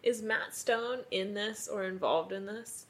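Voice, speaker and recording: A woman in the middle of her range, chatting with enthusiasm as a podcast co-host. She talks in a bubbly, quick way and laughs readily. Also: medium pitch, fairly bright tone. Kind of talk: casual chat.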